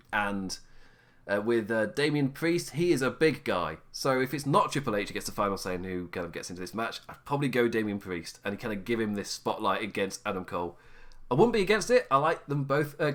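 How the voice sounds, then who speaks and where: A man's voice: medium pitch, a bit bright. A tired man chatting on his own, rambling, often laughing and correcting himself. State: tired, low energy. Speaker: podcast host. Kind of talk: casual solo wrestling chat.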